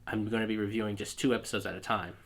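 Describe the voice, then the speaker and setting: A man's voice: fairly low pitch, level tone, very fast. A man with a stuffy, congested voice gives a casual video review. He rambles, restarts sentences and corrects himself often, talking loosely and informally. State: stuffy nose from a cold. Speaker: YouTube reviewer.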